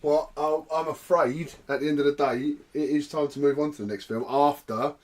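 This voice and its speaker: A man's voice: a little high, steady tone, moderate pace, slight background noise. A man co-hosting a film podcast, boisterous and sweary, often laughing with his mates. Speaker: podcast co-host. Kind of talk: casual chat.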